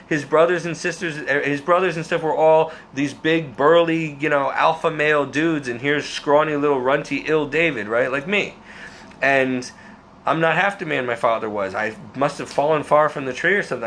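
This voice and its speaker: Man, somewhat high voice, earnest, emotional, rambling, faith testimony vlog, faint background hiss. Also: a bit bright. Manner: restarts and repeats words. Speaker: vlogger.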